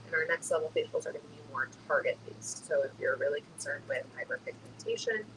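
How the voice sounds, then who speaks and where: Lively young woman, skincare owner. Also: deep voice, quick pace, noisy background. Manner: animated, laughs often. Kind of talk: casual chat.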